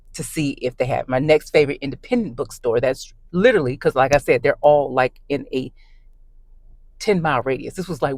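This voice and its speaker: Low-voiced woman ranting on her vlog. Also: dry recording. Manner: animated, conversational, emphatic storytelling. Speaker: book vlogger. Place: in her car.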